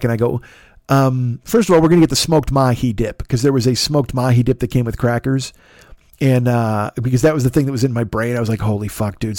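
A man hosting a podcast, telling a long, animated, profane story in a casual way and acting out the back-and-forth dialogue. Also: medium pitch, no echo, studio quality. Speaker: podcast host.

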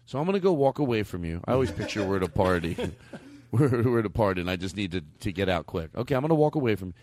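A man's voice: big pitch swings, very fast, a little mellow. A man hosting a comedy podcast, rambling and cutting himself off as he improvises bits with his guest. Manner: rambling, self-interrupting, bursts into high-pitched bits.

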